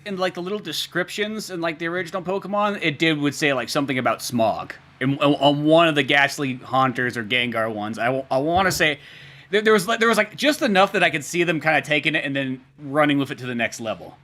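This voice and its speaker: A man's voice: a little high, fast talker, sharp tone. A young man co-hosting a podcast, chatting loosely with lots of fillers and swearing, acting out quotes from a comic. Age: young adult. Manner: loose and profane, many fillers, acts out quotes. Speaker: podcast co-host. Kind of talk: casual chat.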